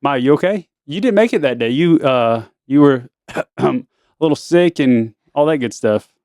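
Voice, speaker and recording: Male podcast host, dad of the family, middle-pitched, teasing and upbeat, dry recording. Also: expressive, normal speed, darkish tone, dry recording. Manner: upbeat, teasing, mock news-anchor delivery. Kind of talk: casual family chat.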